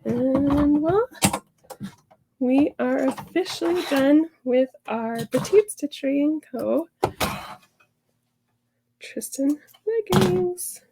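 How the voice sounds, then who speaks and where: A woman with a cold and a gravelly voice, chatting casually through a sewing tutorial. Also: high-pitched, lively intonation, slow pace, long pauses, heavy background noise. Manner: chatty and upbeat, with fillers. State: sick, gravelly voice. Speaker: sewing instructor. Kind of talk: casual sew-along tutorial.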